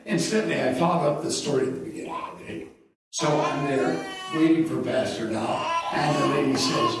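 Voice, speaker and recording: A man's voice: fairly high pitch, very animated, takes it slowly. An older man preaching a sermon as a visiting preacher, telling folksy stories and acting out both sides of a dialogue. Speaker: guest preacher. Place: church. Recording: echoey church hall, mic at a distance.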